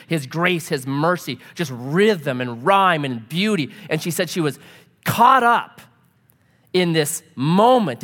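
A male pastor delivers a sermon with a lively, swinging pitch and a voice a little higher than most men's. He moves between storytelling and scripture with quick asides. His words carry the long reverb of a church sanctuary. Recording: long reverb of a large hall.

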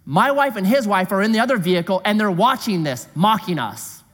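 A middle-aged man preaching a sermon as a comic story, animated and exclaiming, with a long hall echo. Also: high voice, brisk, hardly any pauses.

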